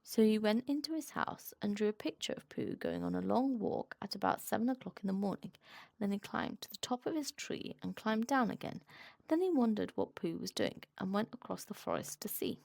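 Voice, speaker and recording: A woman reading a children's storybook aloud with expressive, animated narration. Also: mid-range voice, brisk, vocal fry, no echo, studio quality.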